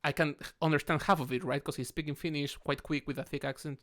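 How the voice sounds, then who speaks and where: A man's voice: fairly high pitch, fast. A man from Mexico with a Mexican accent, co-hosting a casual podcast chat over drinks and acting out the people in his stories. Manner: animated storytelling, acting out quoted people. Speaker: podcast co-host.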